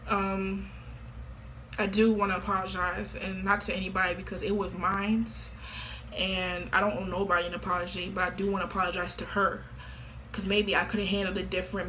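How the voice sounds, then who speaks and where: A woman's voice: mid-range voice, fairly bright tone, slight background noise. A woman in her late teens talking casually to camera, blunt and offhand. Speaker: vlogger.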